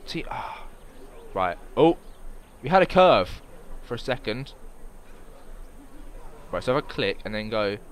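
A man narrating his own gameplay in an offhand, unscripted way, swinging his pitch up and down as his mood jumps. He is excitable and swears freely, talking to himself as he builds. A faint hiss of noise sits under his voice. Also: a little slow, long pauses. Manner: excitable, swears often, talks to himself while playing. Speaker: gameplay commentator. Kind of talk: casual let's-play commentary.

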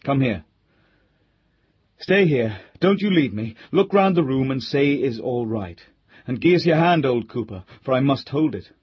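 A man doing a gruff, blustery country squire. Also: medium pitch, animated, unhurried, dry recording, muffled recording. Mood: coaxing. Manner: blunt, coaxing country speech.

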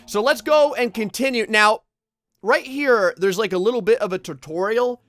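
A young man from New Jersey, a gaming YouTuber, delivers casual, jokey gameplay commentary, rambling and speaking directly to his viewers. His voice sits high and sounds fairly bright, moving at a normal speed. Faint music plays in the background.

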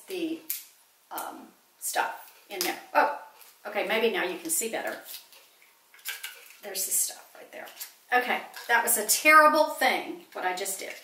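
A woman's voice: fairly high pitch, sharp tone, a little hiss or hum. A woman chatting to camera in her home office, gushing over the things she bought. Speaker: vlogger showing purchases. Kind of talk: casual haul chat to camera. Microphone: camera set on a small table. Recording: echoey room.

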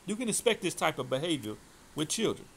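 A man's voice: fairly high pitch, sing-song, quick pace, creaky, a bit bright, slight background noise. A man preaching in a fiery, scolding way, commenting on a debate clip and reading scripture aloud.

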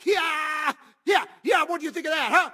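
Ranting game repairman, very high bright voice, nonstop cursing. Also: lively intonation, a little slow, full character voice. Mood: threatening. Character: foul-mouthed hot-tempered male repairman. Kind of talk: video game character voice.

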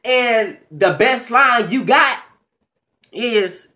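Sassy, profane man ranting in a recap. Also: very slow. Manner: sassy, profane, animated, with swooping pitch. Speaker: vlogger recapping a reality show. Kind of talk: casual recap rant.

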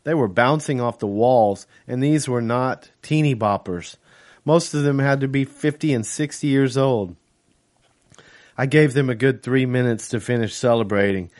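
A man narrates his own novel for an audiobook, speaking in first person. His mid-range voice stays steady and measured throughout.

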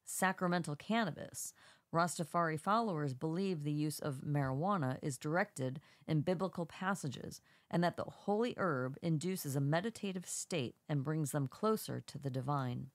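A woman's voice: low voice, moderate pace, dry recording, clean studio sound. A woman co-hosting a podcast with a congested voice, reading an article aloud with small stumbles and brief asides. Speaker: podcast co-host.

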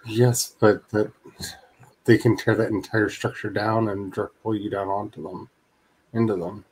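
A man's voice: on the low side, little pitch movement, a little slow, darkish tone, a little hiss or hum, rough recording. A man on voice chat during a game, teasing his friends in a dry, sarcastic way. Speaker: streamer playing a survival game. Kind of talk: casual gaming chat.

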